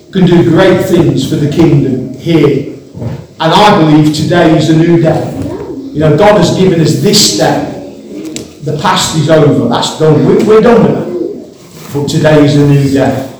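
A man's voice: fairly high pitch, unhurried, darkish tone. A man preaching a sermon to his congregation, earnest and rising into impassioned emphasis. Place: church building. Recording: echoey church hall, mic at a distance, background noise.

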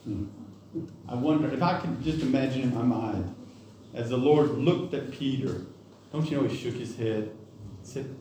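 A man's voice: medium pitch, normal speed, pauses often, dark tone, slight background noise. A man preaching a sermon in a folksy, conversational way, with asides and self-corrections. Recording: echoey hall, distant mic.

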